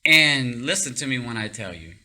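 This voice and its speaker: Excitable man with a sharp, bright voice. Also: medium pitch, moderate pace. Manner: animated, excitable, laughs often; rambling with many fillers and restarts. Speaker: storyteller. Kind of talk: casual storytelling.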